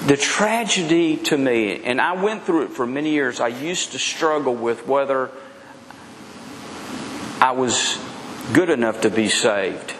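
A middle-aged male pastor preaching a sermon, asking the congregation questions and swinging his voice high and low. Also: fairly bright tone. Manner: preaching with rhetorical questions and wide swings in pitch. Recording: long hall reverb with faint noise.

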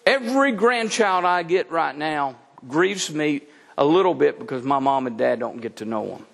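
A man's voice: on the high side, moderate pace, creaky. A middle-aged man preaching a sermon as pastor, talking in a conversational, folksy way. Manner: conversational, folksy, animated with laughs. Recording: long hall reverb.

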